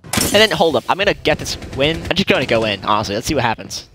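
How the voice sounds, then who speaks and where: Animated young man commenting on gameplay. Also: medium pitch, fast talker, noisy background. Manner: animated, chatty, laughs often, exclaims at plays. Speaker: gaming YouTuber.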